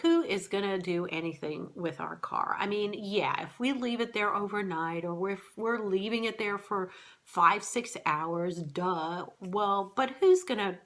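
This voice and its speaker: Bright-voiced woman vlogger telling a story. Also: mid-range voice, unhurried. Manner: animated, exasperated, chatty. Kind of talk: casual storytelling to camera.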